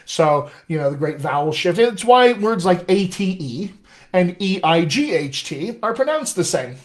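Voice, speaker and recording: A man's voice: sits high, very animated, unhurried. A man with an American accent, teaching as a dialect coach in a chatty, enthusiastic live-stream question session.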